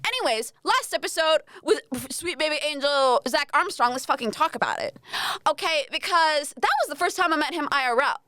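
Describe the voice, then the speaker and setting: A woman's voice: high voice, lively intonation, a little fast, bright, forceful tone, no room sound. A young Australian woman hosting a podcast, rambling and self-mocking, swearing freely as she chats alone. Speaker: podcast host. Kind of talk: casual solo podcast chat.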